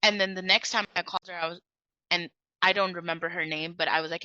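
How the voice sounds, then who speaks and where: A woman sharing sales tips as a trainer, telling stories in a lively way and acting out the dialogue. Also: on the low side, fast talker, no echo, muffled recording.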